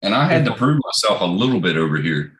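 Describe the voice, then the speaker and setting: Deep-voiced blunt Southern American man. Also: sing-song, fast, fairly bright tone. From Southern United States. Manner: blunt, profane storytelling. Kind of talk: casual chat.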